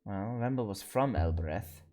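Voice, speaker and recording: A man streaming a story game, reading the lines of several characters aloud and slowly sounding out invented words. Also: fairly low pitch, expressive, dark tone, faint music behind.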